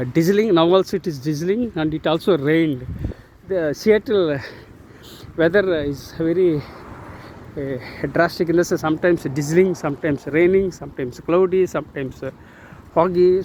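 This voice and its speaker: A man in his sixties with an Indian English accent gives a casual motivational talk outdoors, halting often on drawn-out fillers. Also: on the high side, a little mellow, poor audio. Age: 60s. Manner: earnest, uplifting. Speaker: channel host. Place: outdoors near a road. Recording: outdoor traffic noise behind.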